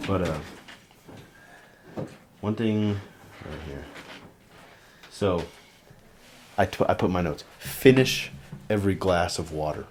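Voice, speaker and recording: Young dude on a podcast, kinda low voice, rambly, lots of "like"s, swears a lot. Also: male voice, takes it slowly, pauses often, a little hiss or hum. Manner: rambling, filler-heavy, swears casually. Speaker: podcast host. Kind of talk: casual chat.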